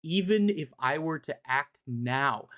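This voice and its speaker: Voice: mid-range voice, lively intonation, slow, fairly bright tone. A streamer reading a scheming immortal villain's lines in a formal, haughty way, without much change from their own voice. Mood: menacing. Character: scheming immortal male villain, patient and spiteful.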